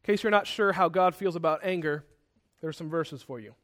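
A man preaching a sermon, animated and quick to act out angry outbursts, with self-correcting asides. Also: fairly high pitch.

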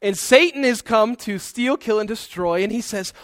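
A male pastor preaching a sermon with earnest, conversational asides. His voice sits fairly high, and the sound is dry and close to the mic. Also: moderate pace, hardly any pauses, a bit bright, no room sound.

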